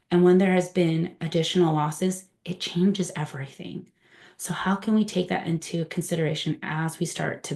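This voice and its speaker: A woman's voice: lowish voice, a little mellow. A woman trainer giving a conversational presentation to a room, often asking the group questions.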